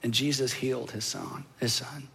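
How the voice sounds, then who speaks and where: A man preaching a sermon in an earnest, emotional way, with dramatic pauses and repeated phrases. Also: mid-range voice, steady tone, vocal fry, sharp tone, husky. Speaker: pastor.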